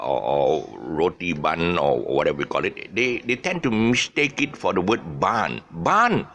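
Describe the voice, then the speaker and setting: A man's voice: deep voice, creaky, pushed and bright. A man with a Malaysian English accent giving a casual, rambling pronunciation lesson, full of fillers, restarts and jokey asides.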